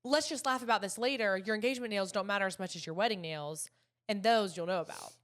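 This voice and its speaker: A woman's voice: mid-range voice, fast. Young woman telling a story. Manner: animated storytelling with quoted dialogue. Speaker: podcast co-host. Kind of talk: casual chat.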